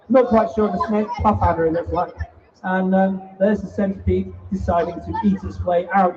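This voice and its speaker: Man doing a bug show for kids, hammy and teasing, mellow voice, distant muffled stream audio. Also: high voice. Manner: jokey, theatrical showman teasing the kids. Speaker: invertebrate show presenter. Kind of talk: live show talk to a family audience. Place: event hall before an audience. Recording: distant, dull live-stream sound with faint noise.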